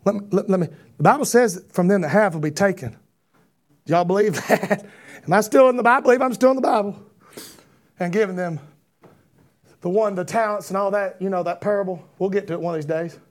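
A man preaching an impassioned sermon, repeating rhetorical questions and building to shouts. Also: sits high, fairly quick, long pauses.

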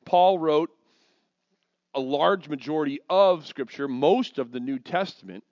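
A man delivers a sermon full of jokes and acted-out quotes, his voice a little high. The recording sounds dull and lo-fi, with no room echo at all. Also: unhurried. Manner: lively, jokey storytelling with acted quotes. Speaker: pastor.

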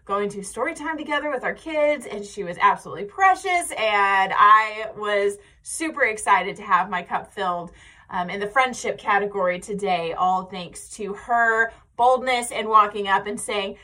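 A woman's voice: medium pitch, moderate pace, pushed and bright. An American woman in her thirties hosting a podcast in casual, chatty talk and laughing often. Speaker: podcast host. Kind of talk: casual chat.

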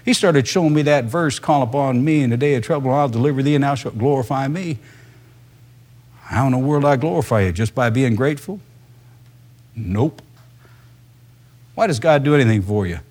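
A man's voice: medium pitch, a little mellow, breathy edge. A male pastor, preaching a sermon in a conversational, emphatic way full of rhetorical questions.

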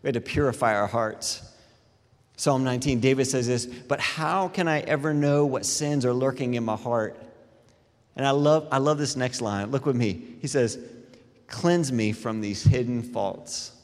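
A middle-aged man preaching a sermon as a pastor, telling animated, self-deprecating stories between scripture readings. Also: mid-range voice, measured pace. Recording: long reverb in a large hall with faint music.

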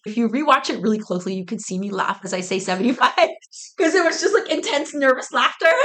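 A young woman in her twenties, a business co-founder, telling a story in an interview with animated delivery, frequent laughter and lots of "like" fillers. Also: mid-range voice. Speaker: guest, tea business co-founder.

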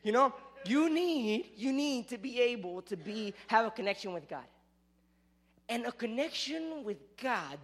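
A man preaching a sermon to a youth group. He talks in a casual way, jokes with the crowd, and swings between loud, fervent stretches and hushed ones. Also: extremely high pitch. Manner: lively, animated delivery that swings from loud to hushed; casual, joking asides to the crowd.

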